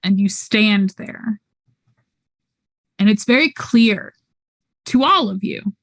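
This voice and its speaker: A woman narrating a tabletop role-playing game as storyteller, in a measured, descriptive way. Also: mid-range voice, animated, fairly bright tone.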